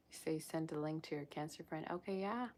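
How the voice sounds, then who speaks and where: Low-voiced woman gushing over a tarot reading. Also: slight background noise. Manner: gushing, chatty and effusive. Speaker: tarot reader. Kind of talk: live-streamed tarot reading.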